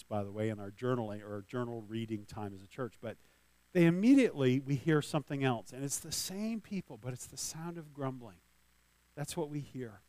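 A pastor preaches a sermon in a medium-pitched, slightly mellow voice with no room sound. He talks loosely and conversationally, restarting phrases and laughing lightly, and his scripture reading builds in force.

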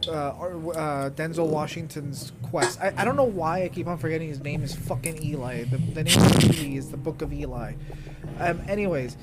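A podcast co-host arguing their take in a casual chat, with a mid-pitched voice. They restart sentences often and swear freely. Music plays clearly underneath. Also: normal speed. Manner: opinionated, stammering restarts, swears.

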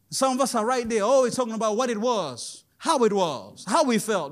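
A man in his thirties preaching a sermon as pastor, animated, laughing often and rising to loud emphasis. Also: extremely high pitch, moderate pace, few pauses. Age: 30s. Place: church in Indonesia.

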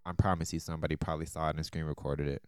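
A man co-hosting a podcast, telling a story with animated energy and laughing often. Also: extremely low pitch, rapid-fire, clean tone, no echo, clean studio sound. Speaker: podcast co-host. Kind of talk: casual chat.

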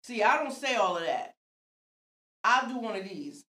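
A woman's voice: a little high, big pitch swings, moderate pace, bright, forceful tone. A woman in her thirties co-hosting a podcast, chatting casually and acting out how she scolds her kids. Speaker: podcast co-host. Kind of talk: casual chat. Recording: roomy echo.

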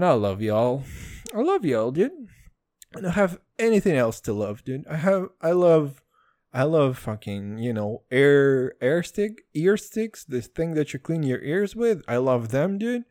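A young man from Israel hosting a casual solo podcast, rambling and swearing, with jumps in pitch. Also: expressive, measured pace, a little mellow, no echo, studio quality. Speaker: podcast host.

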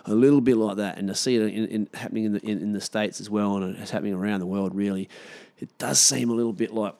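A man's voice: lowish voice, steady tone, quick pace, gravelly, darkish tone. A man hosting a podcast, giving his opinions in a rambling, swearing monologue full of restarts.

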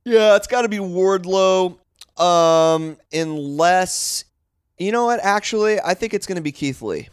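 A man's voice: high-pitched, unhurried, clean tone, no echo, studio quality. A man co-hosting a podcast in casual chat, trading sarcastic, swear-filled banter. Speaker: podcast co-host. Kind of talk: casual chat predicting wrestling results.

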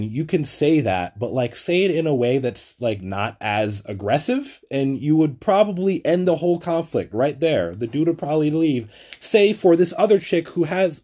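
Mellow-voiced New guy ranting. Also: medium pitch. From Flatbush, Brooklyn. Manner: profane, rambling, heavy use of "like". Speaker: podcast host. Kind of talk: casual storytelling monologue.

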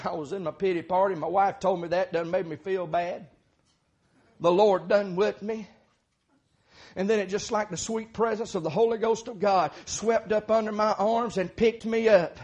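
Fervent preacher, high and shouting. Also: male voice, steady tone, moderate pace. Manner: fervent preaching that swings from quiet talk to shouting. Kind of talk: sermon.

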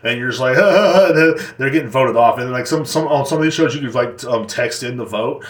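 A man's voice: mid-range voice, fast talker, echoey room. Crude ranting male podcast host. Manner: crude, rambling, profane. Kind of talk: comedic rant.

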